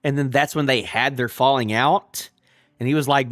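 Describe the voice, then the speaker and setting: A man reacting live to a manga chapter, rambling and restarting his sentences as he gets excited. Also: medium pitch, normal speed, no echo, clean studio sound.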